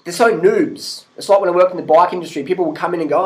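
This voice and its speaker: A middle-aged man vlogging in a loose, animated rant, swearing freely and laughing at people he disagrees with. His voice sits a little higher than most men's. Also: fast talker, hardly any pauses, low-quality recording. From Australia. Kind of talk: casual rant to camera.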